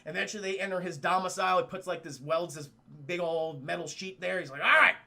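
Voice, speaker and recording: A man recapping a film live for his stream chat, excitable and freely profane. His voice is high and gravelly, with a bright, sharp tone. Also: fast.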